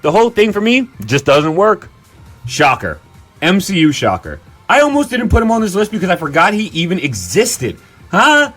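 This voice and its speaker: Animated, exasperated male commentator. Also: sits high, normal speed, faint music behind. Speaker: video commentator. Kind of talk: ranking commentary.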